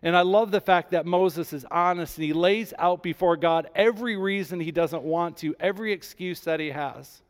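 A man preaching a sermon, rising with emphasis and dropping low and soft when he voices God's words. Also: moderate pace, hardly any pauses, clean tone. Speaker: pastor.

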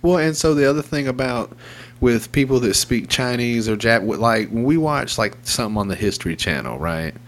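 A man's voice: mid-range voice, expressive, brisk. A man hosting a casual podcast chat, rambling in a wry and profane way. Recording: faint hum in background.

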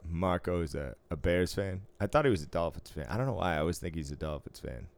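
Deep-voiced laid-back male podcast co-host. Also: expressive, fairly quick. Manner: laid-back, swears freely, laughs often. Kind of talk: casual chat.

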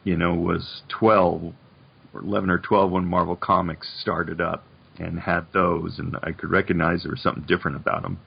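A man's voice: sits low, flat delivery, normal speed. A man in his seventies, a guest in an interview, telling stories in a reflective, rambling way with many "you know"s. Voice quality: gravelly and husky. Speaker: guest, animation producer. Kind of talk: casual interview chat. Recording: dull lo-fi recording.

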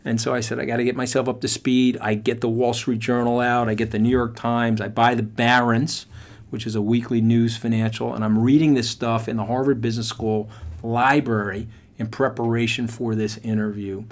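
A middle-aged man hosting a podcast, telling a motivational story in an animated, emphatic way and speaking straight to listeners. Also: mid-range voice, normal speed. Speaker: podcast host.

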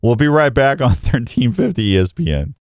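A man's voice: medium pitch, big pitch swings, brisk, no room sound, studio quality. A man hosting a live outdoors radio show, rambling and joking with listeners and his producer. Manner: rambling, jokey, chatty. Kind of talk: casual live radio chat.

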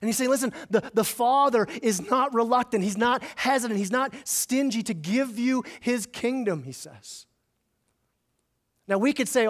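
A man's voice: very high voice, normal speed. A man preaching a sermon to his congregation in a conversational way, often repeating words for emphasis. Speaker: pastor.

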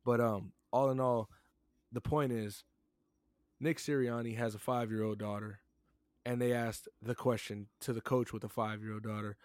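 A man's voice: medium pitch, steady tone, moderate pace, a little mellow, smooth, no room sound, studio quality. A man co-hosting a sports podcast, chatting casually and animatedly, joking and repeating himself. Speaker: podcast co-host.

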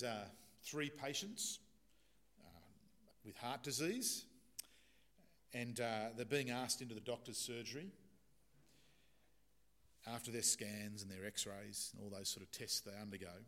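Bright-voiced earnest male preacher. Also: medium pitch, measured pace, pauses often. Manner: earnest, emphatic, illustrates with stories. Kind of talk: sermon.

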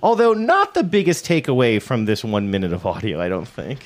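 A man's voice: medium pitch, sing-song, a little fast. Playful male podcast host. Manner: playful, joking. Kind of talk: casual chat.

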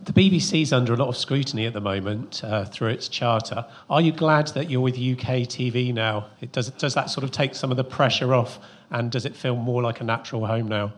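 A man's voice: medium pitch, a little fast, hardly any pauses. A man in the audience asking a panel a question, hesitant and polite.

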